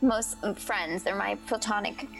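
A woman's voice: mid-range voice, measured pace, creaky, over music. A woman playing a tabletop role-playing game, speaking in character in a rambling, hesitant, flustered way. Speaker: player.

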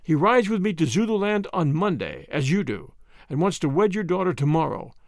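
A man's voice: on the high side, sing-song, a little fast, no room sound, studio quality. A man voicing a stern older Boer commandant who speaks in a firm, authoritative way.

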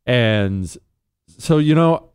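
Blunt, smooth-voiced talk radio host. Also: male voice, medium pitch, animated, drawn-out words, no room sound, studio quality. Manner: blunt, emphatic, repeats key points. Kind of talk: call-in advice talk show. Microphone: studio microphone.

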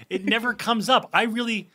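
Man, podcast co-host, bright tone, animated storytelling, laughs a lot. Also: sits high, a little hiss or hum. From New Jersey. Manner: animated storyteller, acts out quotes, laughs often. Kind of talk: casual chat.

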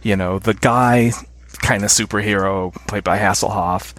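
A man's voice: fairly low pitch, steady tone, normal speed, fairly bright tone. A middle-aged man with an American accent, a guest chatting casually in an interview, enthusiastic and chuckling often. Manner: enthusiastic, chuckles often, hums tunes while explaining. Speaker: podcast guest.

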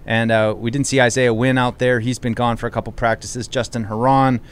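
A man hosts a sports podcast and steers the conversation with quick questions. He talks fast, and his voice comes through smooth and clear. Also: mid-range voice, flat delivery. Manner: casual, leads the discussion and asks questions. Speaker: podcast host. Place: outdoors at a training camp practice.

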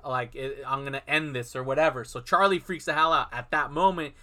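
A man's voice: mid-range voice, fairly quick, pushed and bright. A man in casual chat, animatedly retelling a film plot and acting out the characters' lines.

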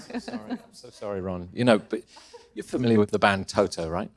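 A man's voice: on the low side, wildly swooping pitch, a little fast. Polite amused man playing along. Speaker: guest. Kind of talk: casual comedic interview.

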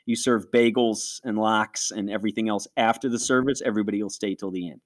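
A man in his forties, originally from Western New York, telling his own story in an interview. He speaks in a somewhat low voice, earnest and reflective. He often slips into his own past thoughts as he tells it. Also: fairly even intonation, brisk. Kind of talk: personal testimony in interview.

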